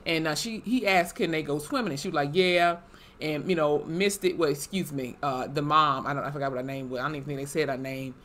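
Young female vlogger, bright edgy tone, animated profane recap delivery. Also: deep voice. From Wisconsin, USA. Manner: animated, swearing, lively asides. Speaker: YouTube TV reviewer. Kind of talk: casual episode recap.

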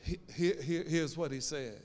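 A male pastor preaching a sermon, swinging between loud calls and hushed, drawn-out lines. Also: fairly high pitch. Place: church sanctuary. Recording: reverberant church sanctuary.

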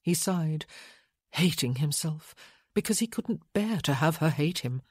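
Woman reading a romance novel, low husky voice, real dry close sound. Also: lively intonation, unhurried, a little mellow, dry recording. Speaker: audiobook narrator. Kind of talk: scripted narration.

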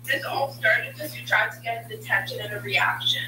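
A woman's voice: on the high side, brisk, pushed and bright. A woman in a heated argument on a video call, insistent and argumentative, pressing her point again and again. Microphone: video call audio. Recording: echoey room, faint noise.

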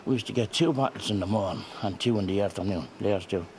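Older irish man, waterford accent, chatty storyteller, fairly low voice, faint background noise. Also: fast talker, darkish tone. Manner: chatty, laughing, broad storytelling. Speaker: retired glass factory worker. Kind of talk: interview.

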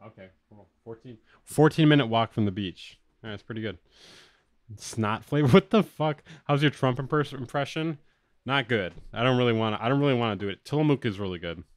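A man with a lateral lisp chatting casually on a livestream from a home studio, loose and excitable and swearing often. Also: medium pitch, brisk, no echo. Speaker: music producer streamer.

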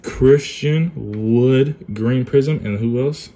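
A young man talking casually while unboxing trading cards at home, keeping his voice low and calling himself monotone. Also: extremely slow. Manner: kept low and subdued, calls himself monotone. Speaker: card collecting YouTuber. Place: apartment at home.

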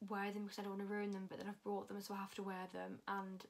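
A woman's voice: mid-range voice, monotone, quick pace, vocal fry. Chatty young woman vlogging. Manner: chatty and unfiltered, swears freely. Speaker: fashion vlogger. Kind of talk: casual haul chat.

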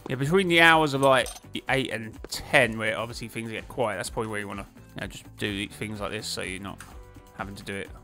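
A man giving casual, excitable commentary while he plays a management game, talking to himself and laughing often. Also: fairly low pitch, a little fast, soft background music. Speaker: gaming YouTuber.

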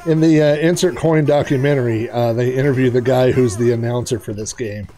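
A man hosting a retro gaming video, giving casual, excitable gameplay commentary and chatting to the players on screen. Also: mid-range voice, a little fast.

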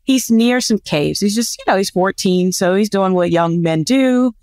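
A US woman co-hosting a podcast tells a story in an easygoing chat, speaking at normal speed with lively intonation and a pitch that moves a lot. She sounds bright, laughing and making self-deprecating asides. Her voice is close and dry, with no room sound around it.

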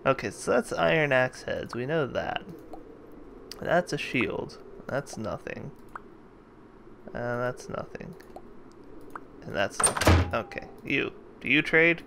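Slow-talking gravelly guy doing a let's play, bright voice, jokes around and mutters through his moves. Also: mid-range voice, animated, background noise. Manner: jokey, thinks aloud while playing. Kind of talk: casual gameplay commentary.

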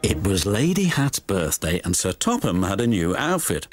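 A man narrating a children's storybook in an expressive, scripted style, with music behind. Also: low-pitched, moderate pace.

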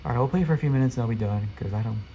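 A man giving excitable live gameplay commentary, talking to his viewers and rattling off rapid repeated urgings. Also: mid-range voice, muffled recording, a little hiss or hum. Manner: chatty, addresses viewers directly. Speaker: gaming video creator.

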